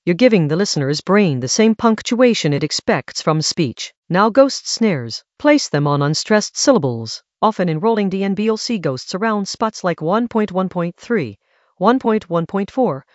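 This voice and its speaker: A production teacher walks through a tutorial step by step, with emphatic, animated phrasing and a lively rise and fall. The sound is dry and a little dull, like a lo-fi voice-over. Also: medium pitch, normal speed, no room sound. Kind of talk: scripted tutorial narration.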